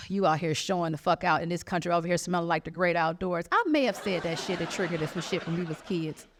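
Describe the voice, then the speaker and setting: A woman's voice: on the low side, fast talker. A brash woman comedian from Michigan tells a profane stand-up story with plenty of energy. She acts out every quote in it. There is a faint noise behind her voice. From Jackson, Michigan, USA.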